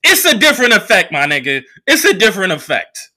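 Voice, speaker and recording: A young male comedian from the Bay Area tells a loose, profane story on his show. His pitch jumps wildly as he acts out the people he quotes. His tone is bright and punchy. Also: wildly swooping pitch, brisk. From San Francisco Bay Area. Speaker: comedian podcast host. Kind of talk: casual storytelling monologue.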